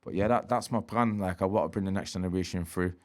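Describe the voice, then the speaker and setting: A man's voice: low voice, fast talker, darkish tone. A man, talking candidly as a podcast guest, streetwise and swearing freely, often asking "do you know what I mean". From Manchester. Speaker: interview guest, rapper.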